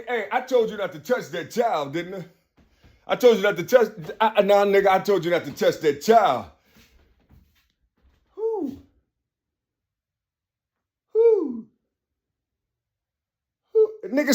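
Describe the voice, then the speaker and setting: A man doing a shrill jeering braggart. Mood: bossy. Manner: loud, jeering, high-pitched. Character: mocking, boastful man taunting broke people.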